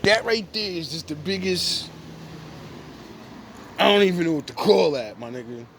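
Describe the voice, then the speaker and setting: A man's voice: a little high, normal speed, slight background noise. A man ranting casually to camera in profane slang, laughing often between lines and sounding amused and mocking. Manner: animated, mocking. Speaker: vlogger.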